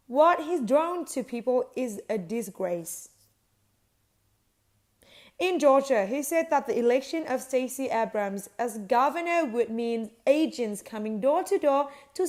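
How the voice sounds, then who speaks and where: A woman with a slightly raised pitch reads a news article aloud. Her delivery stays even and uninflected, and quoted lines come out in the same flat reading voice as the rest. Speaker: news reader.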